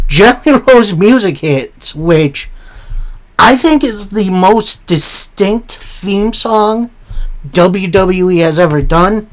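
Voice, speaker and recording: A man's voice: high voice, expressive, slow. A man hosting a podcast and recapping a wrestling show in a casual storytelling manner with asides. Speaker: podcast host.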